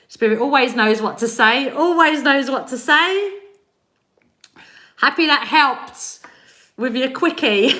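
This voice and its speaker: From her home in Spain, a British spiritual reader runs a live reading stream, chatting casually, laughing a lot and greeting viewers by name. Her voice sits at medium pitch with a fairly bright tone.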